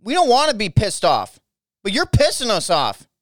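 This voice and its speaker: A man's voice: high-pitched, wildly swooping pitch, moderate pace, no room sound, clean studio sound. Profane, ranting American man. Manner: angry, profane, repeats himself. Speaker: podcast host. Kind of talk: ranting political podcast monologue.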